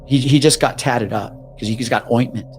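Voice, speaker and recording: A man at a middle pitch recounts a story in loose, conversational podcast talk. He shifts his voice for the people he quotes, sometimes going quiet and hushed. Faint music runs underneath. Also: brisk. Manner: animated, acts out quoted people, drops to hushed tones. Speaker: podcast guest telling a story.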